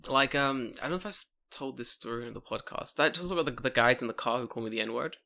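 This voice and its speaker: A young man with a London accent tells a story on a podcast with lively energy. His voice is bright and forceful, and he swears freely while acting out every voice in the tale. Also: medium pitch, fast, vocal fry. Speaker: podcast co-host. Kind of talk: casual storytelling chat.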